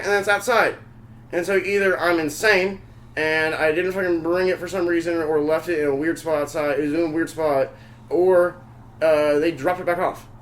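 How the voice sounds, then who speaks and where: A man's voice: on the high side, a little hiss or hum. A young man from Oklahoma hosting a podcast, telling a long story in casual chat, rambling and swearing constantly. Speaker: podcast host.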